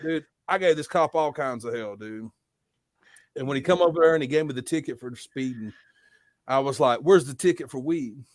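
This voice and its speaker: A man's voice: mid-range voice, normal speed, no echo, clean studio sound. A young adult man telling a story in casual, profane podcast chat. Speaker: podcast host.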